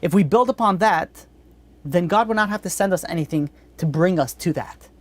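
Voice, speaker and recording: A woman's voice: lowish voice, moderate pace. A woman giving a religious lesson in a blunt, conversational way, with frequent restarts. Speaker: Torah teacher.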